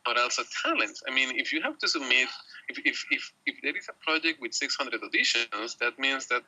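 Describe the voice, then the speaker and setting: A man guest in a casual chat, explaining things in a measured way. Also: medium pitch, very animated, pushed and bright, slightly rough, no echo, poor audio.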